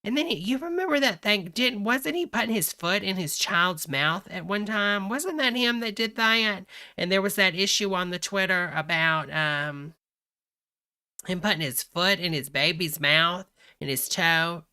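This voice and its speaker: A woman's voice: lowish voice, pushed and bright, clear, resonant tone. A woman hosting a reaction video, talking in a gossipy, chatty way and exclaiming over the news. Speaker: host.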